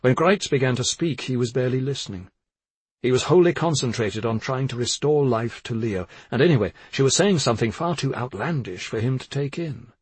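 A man narrating a thriller audiobook in a measured, even scripted style. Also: mid-range voice, breathy edge, dry recording.

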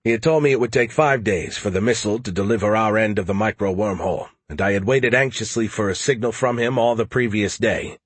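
A man's voice: fairly low pitch, brisk, hardly any pauses, breathy edge, no room sound. A man narrating a first-person audiobook with a wry, dry-humored delivery.

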